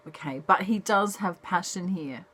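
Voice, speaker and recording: A woman giving a chatty, casual tarot reading in a soft, unhurried manner. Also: on the low side, husky. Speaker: tarot reader.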